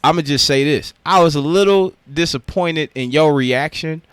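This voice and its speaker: A man co-hosting a casual podcast chat, telling stories in an animated way and jumping up in pitch when excited. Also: normal speed, clean tone, no room sound. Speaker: podcast co-host.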